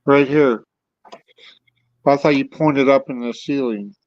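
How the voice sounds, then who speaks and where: A man co-hosting a casual podcast, talking in a halting way with many fillers. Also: mid-range voice, darkish tone, no echo, dull audio. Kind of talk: casual chat.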